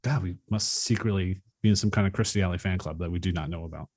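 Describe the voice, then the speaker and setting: Male podcast co-host, low voice, easygoing banter. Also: quick pace, a little mellow, breathy edge. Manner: easygoing, chatty. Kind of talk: casual movie podcast chat.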